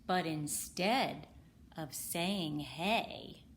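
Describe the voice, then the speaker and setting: A woman reading a children's picture book aloud in a slow, rhythmic way. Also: on the low side, a little hiss or hum. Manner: slow, rhythmic rhyming delivery. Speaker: storybook reader.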